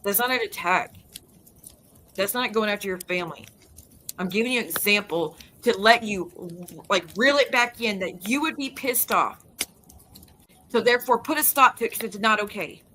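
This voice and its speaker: A woman's voice: medium pitch, moderate pace, long pauses, pushed and bright, slight background noise, low-quality recording. A woman YouTuber ranting in a casual vlog, heated and blunt, swearing freely and repeating her denials with emphasis. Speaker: YouTuber and live streamer.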